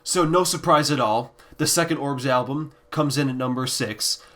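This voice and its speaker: A man reviewing albums in a casual ranking video, ranting bluntly and with heavy swearing, sometimes sinking into quiet, deflated muttering. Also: mid-range voice, normal speed, over loud music. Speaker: music reviewer.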